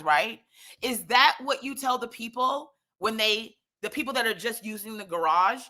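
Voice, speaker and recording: A woman telling a comic story in an animated, exasperated way, swearing freely. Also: on the high side, normal speed.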